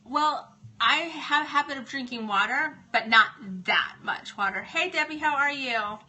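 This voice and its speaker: A woman's voice: sits high, normal speed, sharp tone. A woman hosting a casual live stream from home, chatting and greeting viewers by name. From Ohio.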